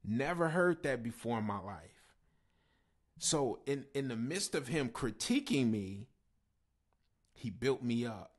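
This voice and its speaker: A man's voice: mid-range voice, sing-song, slow, long pauses, breathy edge. A man, a pastor and musician, telling a personal story in a conversational way, repeating himself for emphasis. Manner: conversational, with fillers and repeated phrases.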